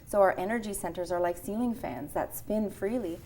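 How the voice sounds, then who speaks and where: A woman's voice: medium pitch, brisk, a little mellow, slight background noise. A woman Reiki practitioner explaining her work in casual conversation, earnest and reassuring. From Canada. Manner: earnest, reassuring, laughs easily.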